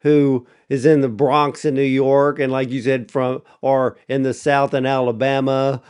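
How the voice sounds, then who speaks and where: A man from the United States hosts an interview at an easy, chatty pace. His voice is smooth and resonant at a middle pitch. He often clears his throat between thoughts. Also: flat delivery, a little slow, a little mellow. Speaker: interview host. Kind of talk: conversational interview.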